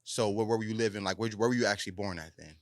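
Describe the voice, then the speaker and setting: A man's voice: lowish voice, very fast, dry recording, studio quality. A man hosting a podcast, asking curious follow-up questions in casual slang. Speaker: podcast host. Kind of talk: casual interview chat.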